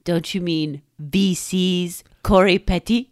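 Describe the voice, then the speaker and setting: A woman's voice: fairly low pitch, takes it slowly, darkish tone. A woman co-hosting a podcast in casual chat, playful and teasing. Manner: playful, teasing, laughs often. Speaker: podcast co-host. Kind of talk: casual chat about comics.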